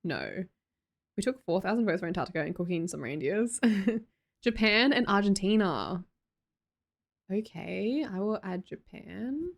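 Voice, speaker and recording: A woman's voice: mid-range voice, animated, a little slow, gravelly, long pauses. An Australian woman, a young adult, hosting a casual livestream chat, reading chat aloud and laughing often. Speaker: livestream host.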